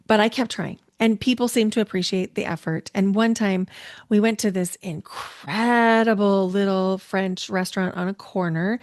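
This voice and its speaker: A woman's voice: mid-range voice, a little mellow, no echo, clean studio sound. A middle-aged woman hosting a solo podcast, talking in a chatty, self-deprecating way and telling personal stories. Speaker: podcast host and intuition coach. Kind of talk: solo podcast teaching talk.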